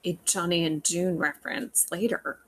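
Woman co-host with a slightly husky voice, hesitant, thoughtful and casual. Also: lowish voice, normal speed, a bit bright. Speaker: podcast co-host. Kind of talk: casual recap chat.

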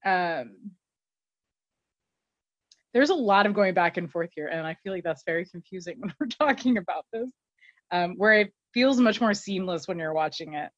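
A woman's voice: on the low side, expressive, normal speed, pauses often, no room sound. A woman hosting a podcast, casually recapping an episode in a chatty, filler-heavy way, laughing often. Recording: dull lo-fi recording, dry.

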